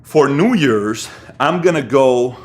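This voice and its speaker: A man's voice: medium pitch, expressive, slow pace. Man telling his story with emphatic swings. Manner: emphatic, shifts from hushed to punchy bursts. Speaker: motivational speaker. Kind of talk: personal storytelling talk.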